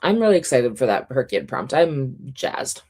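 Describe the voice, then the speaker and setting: A woman hosting a casual reading livestream at home, chatty and quick to laugh, her voice a little sore and scratchy. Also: rumbling low, big pitch swings, dark tone, breathy edge. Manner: chatty, reads out chat comments, laughs often. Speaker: reading sprint livestream host.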